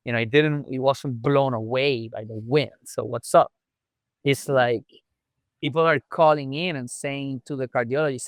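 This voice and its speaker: A man's voice: a little high, unhurried, clear, resonant tone, dry recording. A chiropractor guest telling his story in a conversational podcast interview, acting out remembered dialogue as he goes.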